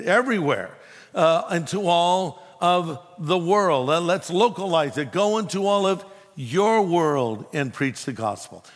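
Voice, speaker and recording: A man preaching a sermon as pastor, emphatic and telling a humorous story to make his points. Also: a little high. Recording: long hall reverb.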